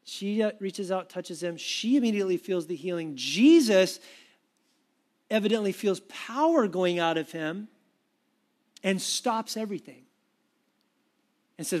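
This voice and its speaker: A man preaching a sermon with animated, conversational storytelling. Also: high-pitched, measured pace, pauses often. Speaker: pastor.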